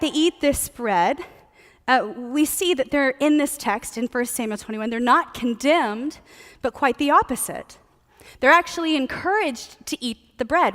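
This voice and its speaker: Woman giving a sermon, high voice, chatty and playful, long echo like a big church hall. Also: a bit bright. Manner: casual, playful, conversational teaching. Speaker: preacher.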